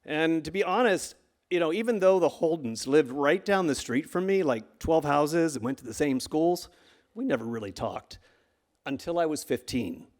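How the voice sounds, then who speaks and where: A middle-aged man tells a true story to a live audience, his slightly high voice swinging from hushed and low to loud, excited bursts. He acts out the moments and shifts with the tension of the tale. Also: normal speed. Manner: animated, acts out the shouts of coaches. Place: stage before a live audience.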